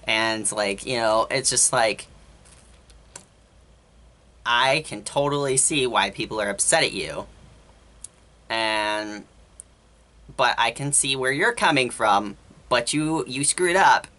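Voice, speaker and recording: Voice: mid-range voice, slow pace, pauses often, sharp tone. A vlogger telling a long story in a rambling, exasperated way, often quoting both sides of an argument. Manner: rambling, exasperated, quotes others in conversation. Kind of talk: casual storytime rant.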